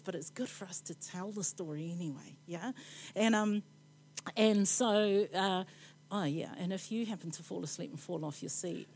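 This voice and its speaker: A woman with a New Zealand accent giving a chatty, rambling sermon in a church, full of playful asides and quick laughs. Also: mid-range voice, darkish tone. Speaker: preacher.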